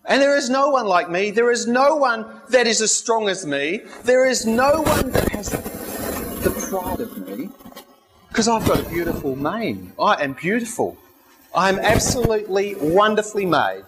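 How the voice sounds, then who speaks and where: Vain, strutting lion king, higher and louder than his usual voice , as a preacher puts him on. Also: big pitch swings, unhurried, heavy background noise. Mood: boastful. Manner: boastful, strutting. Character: proud boastful male lion, king of the jungle.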